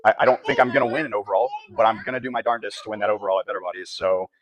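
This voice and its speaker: A man's voice: fairly low pitch, steady tone, very fast. A young man, a competitive bodybuilder, talking earnestly to camera in a reflective vlog and often correcting himself mid-sentence.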